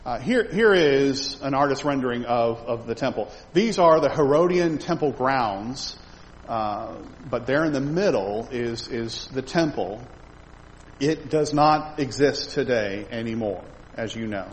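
A man's voice: medium pitch, unhurried. A man teaching a Bible lesson in a conversational way, asking his listeners questions as he points to slides. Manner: animated, conversational, asks the audience questions. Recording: reverberant hall with faint background noise.

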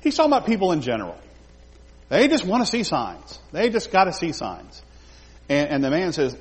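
Man, Bible study teacher; expressive pitch, acts out the quotes, recorded with a long hall echo. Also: moderate pace. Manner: animated, acts out quoted lines in character.

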